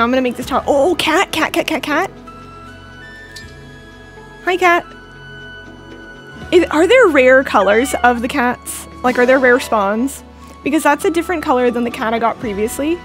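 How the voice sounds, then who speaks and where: A young woman streaming a game at home, chatting playfully with her viewers as she plays. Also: sits high. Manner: chatty, playful, talks to chat. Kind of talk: casual gameplay commentary. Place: indoors at home, cold room.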